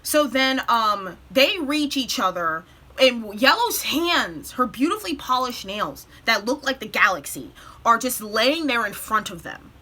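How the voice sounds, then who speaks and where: A young woman talking through a favorite cartoon scene with raw emotion, her voice bright and slightly high. She rushes through some lines in excited bursts and chokes up on others, stopping to pull herself together. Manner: tearful, breaks off to compose herself; animated retelling with quick bursts. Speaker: vlogger. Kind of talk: emotional show recap.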